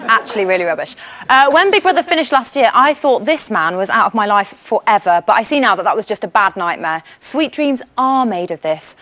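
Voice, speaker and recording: A woman's voice: mid-range voice, expressive, quick pace, a bit bright. An American woman presenting a TV chat show with a jokey, playful delivery.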